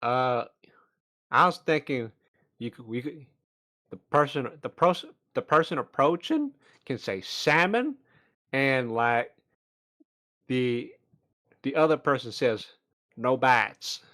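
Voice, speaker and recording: A man, playing a tabletop game over a voice call, talking in halting restarts. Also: mid-range voice, sharp tone. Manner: halting, flustered. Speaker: player. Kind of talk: casual chat during a tabletop game.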